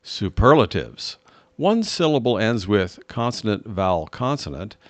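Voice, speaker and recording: A man teaching an English lesson, reading grammar rules and examples in careful, measured steps. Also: lowish voice, very animated, no room sound. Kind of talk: slow, deliberate language lesson reading.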